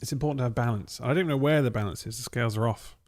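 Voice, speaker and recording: A man's voice: mid-range voice, rapid-fire, a little mellow. A man co-hosting a casual podcast chat in a studio, rambling and cutting himself off mid-sentence, with the odd swear. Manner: rambling, self-interrupting, sweary. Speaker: podcast co-host.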